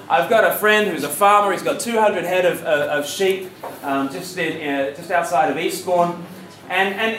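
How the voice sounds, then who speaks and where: A man's voice: sits high, fairly bright tone. A man with an Australian accent giving a jokey, conversational evangelistic talk, asking his audience questions. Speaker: preacher giving a campus talk. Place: university lecture hall. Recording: echoey hall with faint noise.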